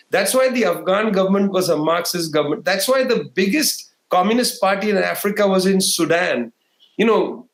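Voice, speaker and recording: A man's voice: high voice, roomy sound. A middle-aged man giving an interview on politics, talking discursively with many fillers and restarts. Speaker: interview guest.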